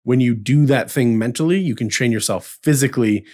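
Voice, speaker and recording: A man's voice: medium pitch, a little fast, a little mellow. A man co-hosting a podcast in casual chat, earnest and rambling with frequent restarts. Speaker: podcast co-host.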